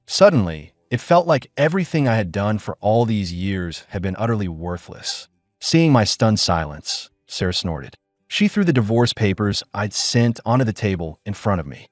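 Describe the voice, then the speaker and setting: A man's voice: fairly low pitch, sing-song, normal speed, no room sound, clean studio sound, faint music behind. A man narrating a first-person audiobook drama in a weary, bitter tone.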